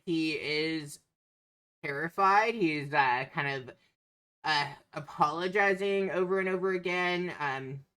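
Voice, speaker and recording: A woman runs a tabletop game as its narrator, pausing often with ums as she sets the scene. Her voice is low yet bright and clear. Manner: hesitant, lots of ums. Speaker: game master.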